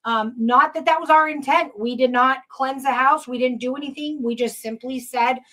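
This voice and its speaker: A woman hosts a live paranormal podcast, telling ghost stories in a rambling, casual way full of ums and uhs and reading viewer comments aloud. Her high voice is steady and fairly bright, at normal speed.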